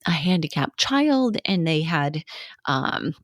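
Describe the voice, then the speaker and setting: A woman's voice: low voice, big pitch swings, slow pace, no echo, studio quality. A middle-aged woman teaching a health coaching lesson, acting out quotes from clients and coaches and laughing often.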